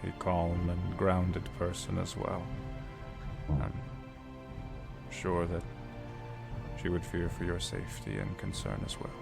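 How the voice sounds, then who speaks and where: A man voicing a calm, grave female dryad elder who is also a mother, speaking slowly and formally. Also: low voice, vocal fry, music in the background, full character voice. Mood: earnest. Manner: slow, measured, formal speech.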